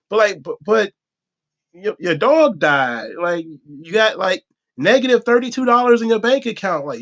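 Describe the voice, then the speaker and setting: Animated, high-pitched man ranting. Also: normal speed. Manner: animated, profane, laughs often, acts out voices. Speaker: podcast host. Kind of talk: comedic podcast rant. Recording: dull lo-fi audio.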